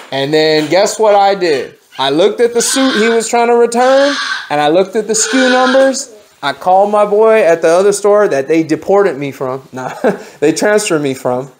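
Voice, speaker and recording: A lay preacher shares his testimony as a sermon at a home fellowship meeting, in a voice that sits slightly high for a man. His storytelling is lively and slangy, with every character's lines acted out, and the recording has a bit of hiss or hum.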